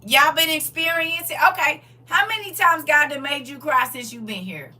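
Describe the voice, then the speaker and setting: Woman doing a live stream, talks right to her viewers, bright voice, a bit far off the mic w/ faint music. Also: high voice, normal speed. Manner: expressive, laughs often, talks straight to her viewers. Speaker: livestream host reading viewer comments. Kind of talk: casual live chat with a churchy, testifying tone.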